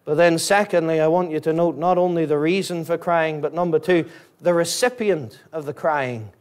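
A Northern Irish man preaching a fiery evangelistic sermon as pastor, repeating pleading questions and swinging from urgent high emphasis to low, quiet drops. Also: normal speed. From Northern Ireland. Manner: rising to urgent high-pitched emphasis, then dropping low; repetitive, pleading rhetorical questions.

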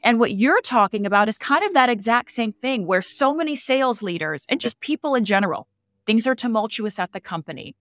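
A woman's voice: fairly high pitch, lively intonation, a little fast, fairly bright tone, no room sound. Woman podcast host, dry close sound. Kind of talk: casual interview conversation.

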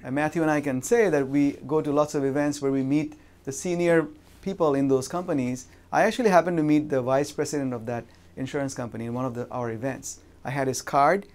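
A man's voice: mid-range voice, fairly even intonation, a little mellow. A man giving a seminar talk, telling a personal story conversationally and often ending sentences with "right?". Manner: pauses and restarts with fillers. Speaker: seminar speaker on insurance and real estate. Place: lives in Vancouver.

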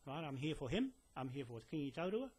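Talking fast in a fairly high voice with big pitch swings, slightly mellow and breathy at the edges, a land claimant delivers a rambling, insistent, lecturing on-camera message to a police detective from inside a building, stumbling over fillers and restarts.

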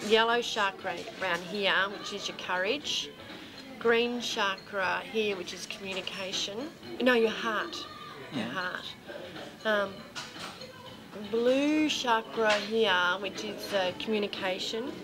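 A woman's voice: mid-range voice, measured pace. A woman from Australia telling a rambling anecdote in a casual, chatty way, often laughing as she talks. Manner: chatty, laughs through her story, imitates others. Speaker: improvising actor telling an anecdote. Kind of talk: improvised casual storytelling.

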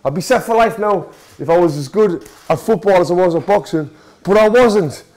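A man's voice: sits high, normal speed, darkish tone, no room sound. A man in his thirties with a Sunderland accent, talking casually and emotionally in a vlog from a football stadium. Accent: Sunderland (Mackem). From Sunderland, England. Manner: emotional, chatty, self-mocking. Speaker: boxing coach and vlogger.

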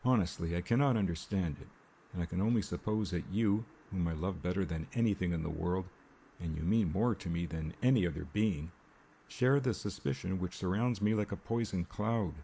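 A man's voice: low-pitched, moderate pace, a little hiss or hum. A man reading an earnest young suitor. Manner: earnest, quiet.

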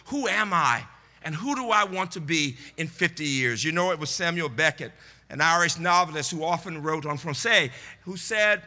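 A man's voice: sits high, bright, forceful tone, in a large hall. An older man giving a commencement address, emphatic and preacher-like, repeating lines for the crowd under a large tent. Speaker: commencement speaker. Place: large tent at an outdoor ceremony.

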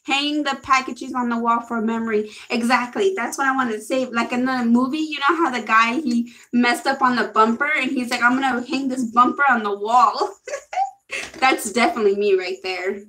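A woman's voice: fairly high pitch, normal speed, bright, forceful tone, low-quality recording. Gushing, giggly young woman vlogger. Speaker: beauty vlogger. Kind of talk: casual makeup haul.

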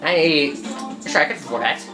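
Low-voiced woman casually playing a game. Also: fairly quick, roomy sound. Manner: chatty, stumbling over her words, reading game lines aloud. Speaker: gameplay commentator. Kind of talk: casual let's-play commentary. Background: game music.

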